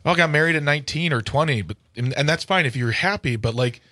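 A man from the Midwestern US, co-hosting a casual chat in an animated, mocking, jokey way. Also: on the high side, fast talker, dry recording, studio quality. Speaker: podcast co-host.

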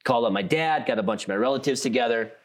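A young man from South Dakota co-hosting a comedy podcast, rambling in a relaxed way and laughing often. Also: mid-range voice, rapid-fire. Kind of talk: casual comedic chat.

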